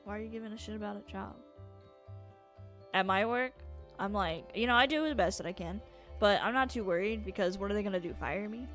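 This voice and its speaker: A woman's voice: medium pitch, brisk, a bit bright, soft background music. A young woman streaming a video game, talking casually, swearing freely and laughing often. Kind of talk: casual gameplay commentary.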